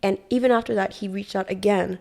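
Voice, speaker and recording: Young woman with a gravelly edge. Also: medium pitch, quick pace. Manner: animated retelling, heavy swearing, acts out quotes. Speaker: podcast guest. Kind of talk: casual storytelling. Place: Hawaii.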